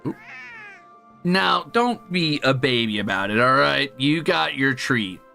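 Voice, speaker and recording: A man's voice: medium pitch, sing-song, unhurried, gravelly, sharp tone, faint music behind. A young man streaming casually, coaxing and teasing his pets with a playful, casual cursing manner. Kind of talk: casual live stream chat.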